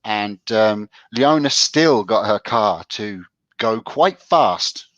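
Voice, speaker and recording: A man's voice: lowish voice, expressive, slow pace, fairly bright tone, dry recording, lo-fi sound. A man co-hosting a casual chat show, telling stories in a stop-start way with restarts. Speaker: podcast co-host.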